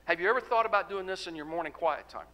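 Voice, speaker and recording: Male pastor, bright and slightly high voice, emphatic sermon delivery with hushed phrase endings. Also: fast talker, poor audio. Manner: emphatic, rhetorical questions, drops to soft endings.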